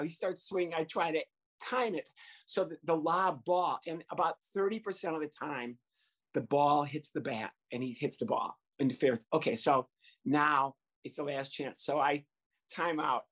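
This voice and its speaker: Husky man telling a funny story. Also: fairly high pitch, normal speed. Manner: animated, breaks into laughter and acts out voices. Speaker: guest storyteller, former youth baseball coach. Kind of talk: comic anecdote telling.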